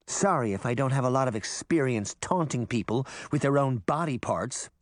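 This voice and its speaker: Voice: medium pitch, expressive, moderate pace, no room sound, clean studio sound, lightly acted. A man voicing a whining, sarcastic boy who acts like a pompous grown-up. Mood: indignant. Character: whiny, pompous boy who claims to be an adult.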